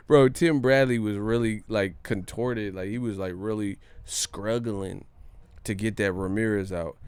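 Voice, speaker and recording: A man's voice: lowish voice, slow, darkish tone, clear, resonant tone, no room sound. A man hosting a casual commentary vlog on his channel, slangy and joking, laughing often. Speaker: boxing channel host.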